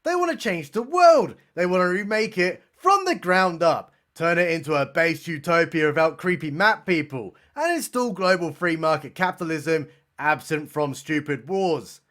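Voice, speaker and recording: A man's voice: fairly high pitch, lively intonation, moderate pace, fairly bright tone. A man voicing a grandiose male hero in an over-the-top sarcastic rant.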